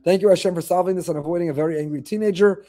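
A middle-aged rabbi gives his weekly faith talk, telling stories animatedly and repeating phrases for emphasis. He speaks very fast in a high voice.

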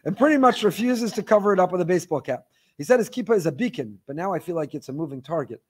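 A man teaching a Torah class, reading listener emails aloud in an animated storytelling way with wry asides. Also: sits high, fast talker, breathy edge.

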